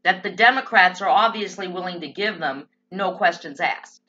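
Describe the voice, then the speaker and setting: A woman's voice: fairly low pitch, moderate pace, sharp tone. A woman giving a blunt, sarcastic, profane political monologue. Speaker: political commentator. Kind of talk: opinionated monologue. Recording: dull lo-fi sound.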